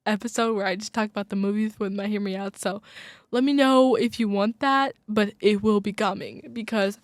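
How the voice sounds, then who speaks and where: A young woman hosts a casual college radio show, gushing about her favorite things and filling her talk with "like" and sudden asides. Her voice sits at a middle pitch, recorded close and dry in a small studio. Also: dry recording. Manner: gushing, filler-heavy, quick asides. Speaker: podcast host. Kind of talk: casual chat.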